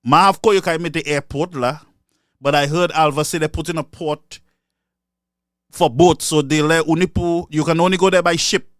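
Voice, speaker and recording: An online commentator with a Saint Lucian accent delivers mocking political commentary, switching between English and Creole. His voice is high for a man, his tone steady and his pace moderate. The recording is dry, with no room sound.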